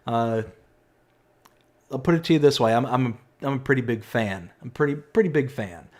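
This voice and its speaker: A man in his thirties hosts a live game stream, chatting excitedly with his viewers. He reads their messages aloud as he plays, with frequent jumps in pitch and energy. His voice sits in an ordinary middle range. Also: normal speed. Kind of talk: live stream chat while playing.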